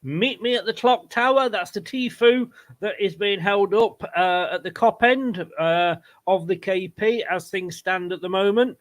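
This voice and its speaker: High-pitched guy hosting a footy watchalong, chatty, keeps answering viewer comments. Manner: chatty, quick asides to viewers. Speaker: host. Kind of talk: casual football watchalong chat.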